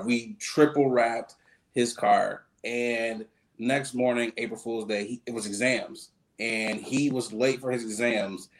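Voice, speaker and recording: A man co-hosting a podcast, telling a story in casual chat, laid-back with many pauses and fillers. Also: mid-range voice, steady tone. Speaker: podcast co-host.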